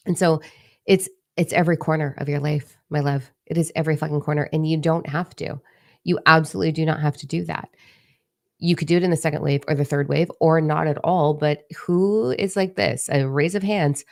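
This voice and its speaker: Low-voiced woman, frank and swearing. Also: brisk, gravelly. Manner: frank, swears freely, rambling and animated. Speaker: spiritual channel host. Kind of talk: casual live-stream talk.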